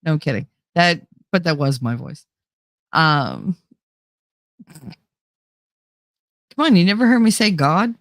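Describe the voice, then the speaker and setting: A woman's voice: low voice, animated, takes it slowly, pauses often, no echo, studio quality. A woman with a New Jersey accent hosting a casual livestream chat, laughing often and going nasal at times. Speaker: host.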